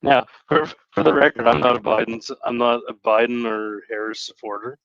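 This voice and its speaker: A male guest talking casually over a call line. He speaks slowly and deliberately, stammering now and then. The audio is dull and muffled, and dry. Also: medium pitch, a bit bright, no echo.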